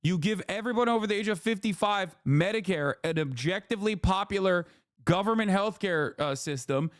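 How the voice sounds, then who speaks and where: A man's voice: high voice, moderate pace, dry recording, studio quality. Ranting, profane male streamer. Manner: repeats words and says "okay?" often. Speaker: live streamer. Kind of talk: heated political commentary stream.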